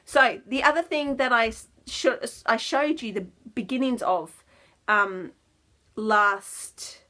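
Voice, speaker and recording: A woman hosting a knitting podcast in a casual, rambling chat, with self-deprecating laughs and soft asides that drop almost to a whisper. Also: medium pitch.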